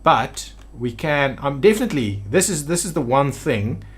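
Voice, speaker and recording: At a moderate pace and medium pitch, with lively intonation, a man provides commentary on his city-building game. He's a creator of city-builder videos, musing aloud and restarting hesitantly while he builds.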